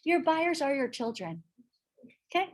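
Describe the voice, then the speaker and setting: A middle-aged woman teaching a live real estate sales class, animated and often checking in with her listeners. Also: sits high, unhurried. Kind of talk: live training talk to a class.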